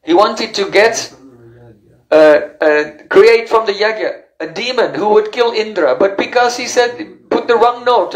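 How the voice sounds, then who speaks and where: High-voiced man teaching scripture, echoey. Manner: explanatory, with fillers and self-corrections. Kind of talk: spiritual lecture.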